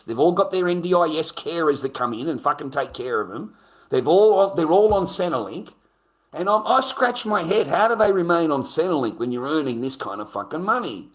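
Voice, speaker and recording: A man's voice: medium pitch, fairly bright tone. Profane, ranting Australian man. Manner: profane, indignant, repeats himself. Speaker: streamer. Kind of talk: casual rant to camera.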